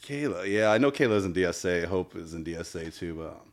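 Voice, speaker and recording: Quick-talking low-voiced man. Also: lively intonation. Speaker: interview guest. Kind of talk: casual conversation.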